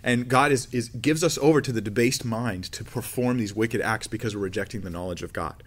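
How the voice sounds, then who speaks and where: A man's voice: fairly low pitch, brisk. A man teaching on Scripture in a casual, conversational way, joking and restarting phrases. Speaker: Bible teacher.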